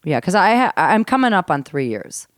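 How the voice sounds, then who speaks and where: A woman in her fifties tells stories on a casual podcast, her voice sitting low for a woman. She is animated, swears freely and drops to a hush before getting loud again. The room sounds dry and close. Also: moderate pace, no room sound. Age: 50s. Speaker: comedian guest. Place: host's home.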